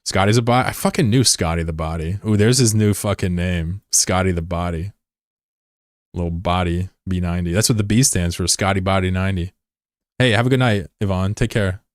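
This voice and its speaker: A man streaming a game and chatting casually, rambling and swearing, who jumps into high-pitched shouting when something excites him. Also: a little fast, no echo, clean studio sound. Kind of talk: casual live-stream chat over gameplay.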